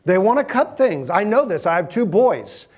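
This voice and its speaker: A man's voice: sits high, very animated, normal speed, darkish tone. A middle-aged man, giving a sermon in a conversational, humorous storytelling manner and asking the audience questions.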